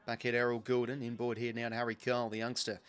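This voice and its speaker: Fast and medium-pitched, with a clean tone, a young Aussie fan commentates live on a football game, chatty, clearly picking a side, and prone to excited outbursts.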